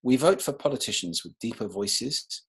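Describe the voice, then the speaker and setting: Male presenter, husky and raspy, demonstrative delivery for a talk. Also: medium pitch, lively intonation, moderate pace, a bit bright. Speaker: webinar speaker.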